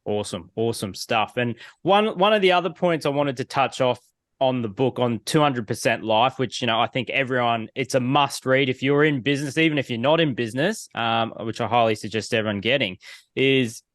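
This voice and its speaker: A man hosting a podcast interview, asking halting questions full of fillers. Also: medium pitch, fairly bright tone, no room sound, clean studio sound. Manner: halting, filler-heavy questions with "you know". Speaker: podcast host.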